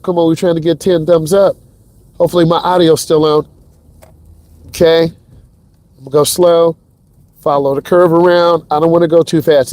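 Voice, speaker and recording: A man with a fairly high pitch and darkish tone, recorded with no room sound. As a driving instructor, he narrates a live driving lesson from inside his car, hyped and talking straight to the audience.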